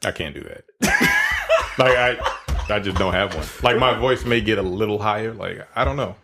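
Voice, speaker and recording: A man with a low, gravelly voice chats loosely on a film review podcast. His pitch swings widely, and he mumbles reluctantly between quick laughs. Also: huge pitch swings, very noisy. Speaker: podcast co-host. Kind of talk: casual film review chat.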